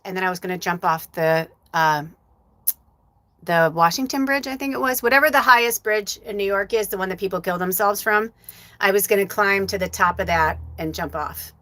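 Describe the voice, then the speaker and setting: A woman hosts her live show as a psychic medium, in an easy conversational voice pitched in the middle of her range. She tells a story candidly and energetically, with frequent swearing. The recording is dry and close, with no room echo. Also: normal speed. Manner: candid, profane, animated storytelling. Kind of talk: casual livestream talk.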